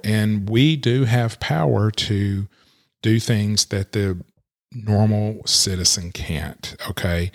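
Lowish-voiced man coaching fellow lawyers. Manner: conversational, repeats "okay" to check in; acts out quoted callers and caseworkers. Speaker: elder law coach and attorney. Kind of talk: solo podcast monologue.

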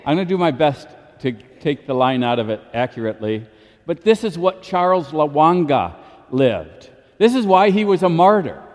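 A Catholic priest giving a daily homily in a lively, informal way, chuckling often. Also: male voice, a little high, normal speed, in a large hall. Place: church.

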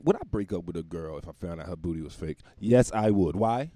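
A man's voice: low voice, animated, brisk, mellow, no room sound, studio quality. A man doing a rambling, profane comedic monologue and laughing at his own jokes.

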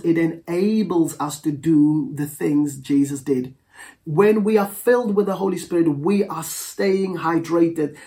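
In this Pentecostal sermon, the preacher's voice sits in the middle range with a somewhat dark tone. Scripture is read at an unhurried, deliberate pace, and the earnest, measured prayers invite the congregation to answer back.

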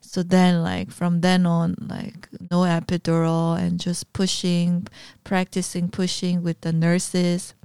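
A woman co-hosting a podcast, telling her story in a relaxed, casual way. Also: lowish voice, takes it slowly, clean tone, dry recording, studio quality. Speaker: podcast co-host. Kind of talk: casual chat.

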